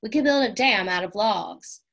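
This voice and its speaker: A kind, eager older boy in a storybook, as a woman reading aloud puts him on. He sounds cheerful and proud, his voice lifting on the exciting bits of his news. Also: medium pitch, moderate pace, gravelly. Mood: friendly.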